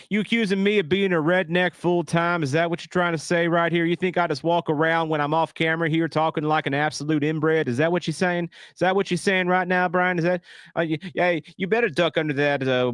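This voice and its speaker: A man's voice: on the high side, a bit bright, clear, resonant tone, dry recording, studio quality, voice pushed up, close to an everyday voice. A man voicing a defensive rural redneck man who accuses the listener of insulting him, in a comic put-on voice during a live stream. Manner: indignant, mock-accusing rant.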